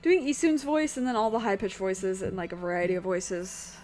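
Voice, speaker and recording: A woman streamer talks to her viewers in a loose, rambling way as she plays, swearing casually. Her voice is rough from overuse and sits at a middle pitch. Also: fairly even intonation, normal speed, a little mellow, a little hiss or hum. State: rough throat. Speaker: game streamer. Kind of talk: casual chat while streaming a game.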